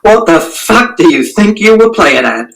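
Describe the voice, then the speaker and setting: A man's voice: high voice, big pitch swings, a bit bright, pitched above the performer's own voice, full character voice, rough recording. A man reading an audiobook, voicing an angry, swearing male commuter who draws out his exasperated outbursts. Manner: exasperated, cursing, drawn-out outbursts.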